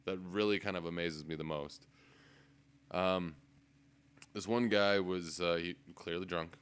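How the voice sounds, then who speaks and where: A man's voice: deep voice, a little slow, smooth. A man on a podcast telling a casual story, swearing often and laughing as he goes. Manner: profane, laughing, animated storyteller. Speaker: podcast co-host. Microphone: desk microphone.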